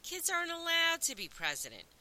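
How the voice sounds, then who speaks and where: A gruffly impatient male reporter with no time to spare, put on by a woman reading an audiobook. He snaps out sarcastic lines in a loud, bright, lively voice. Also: very high-pitched, a little fast, pitched above the performer's own voice, full character voice, rough recording. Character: brusque busy male newspaper reporter.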